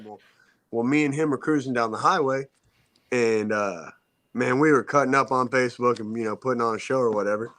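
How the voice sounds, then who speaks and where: A man's voice: medium pitch, no room sound. A man, co-hosting a talk show and telling a story in casual chat, acting out the other people's voices as he goes. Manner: animated storyteller, acts out quoted voices. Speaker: podcast co-host telling a story.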